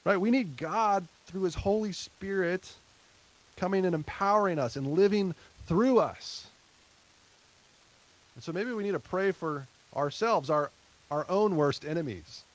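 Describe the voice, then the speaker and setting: A man's voice: high voice, a little slow, pauses often, rough recording. A male pastor giving a conversational sermon, with asides to the congregation and a closing prayer. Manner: conversational preaching with light laughs and asides.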